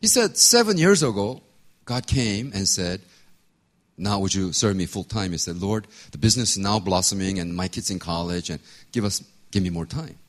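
Animated man telling a sermon story. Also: low-pitched, normal speed. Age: 50s. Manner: animated storytelling, acts out voices, laughs often. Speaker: pastor.

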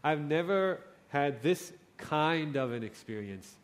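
Animated man telling a sermon testimony. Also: fairly high pitch, slow pace. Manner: animated storytelling, acts out his own prayers with God. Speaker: pastor.

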